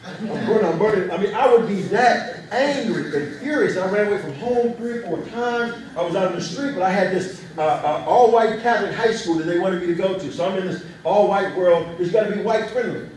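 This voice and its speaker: A young man giving a motivational speech to a youth audience, telling animated stories. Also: sits high, brisk, hardly any pauses, slight background noise. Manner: animated storyteller. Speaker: youth speaker. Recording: echoey hall, mic far off.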